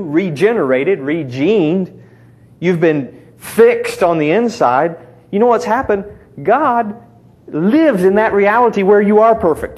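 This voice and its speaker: Middle-aged man, pastor; a casual, bantering sermon voice that sits slightly high. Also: darkish tone. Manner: conversational, teasing the congregation with call-and-response.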